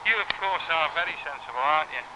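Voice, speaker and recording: A man's voice: fairly high pitch, quick pace. A man on a phone call, teasing and rambling with little giggles. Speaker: caller. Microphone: telephone line. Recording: noisy taped phone call.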